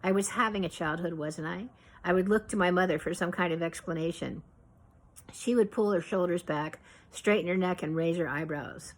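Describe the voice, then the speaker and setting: A woman reading her own memoir aloud in a measured, reflective way. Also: fairly low pitch, low-quality recording.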